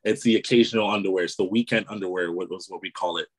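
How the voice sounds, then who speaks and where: A man with a voice on the lower side chats casually as an interview guest. He rambles easily, fills gaps with "you know" and breaks into laughter often. His tone stays relaxed and conversational. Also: very fast, breathy edge, low-quality recording. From Canada. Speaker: author and entrepreneur, guest.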